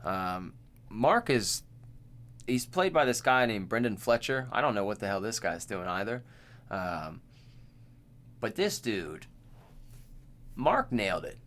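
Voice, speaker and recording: A man's voice: fairly low pitch, sing-song, slow, long pauses, a bit bright. A man co-hosting a podcast in casual chat, laid-back, laughing often and quoting lines. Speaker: podcast co-host.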